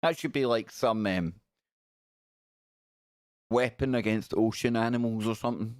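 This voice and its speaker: A man's voice: mid-range voice, measured pace, pauses often, dry recording, clean studio sound. A man hosting a live stream, chatting casually and joking as he reacts to pictures. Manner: jokey, reacting aloud to pictures with quips. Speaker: livestream host.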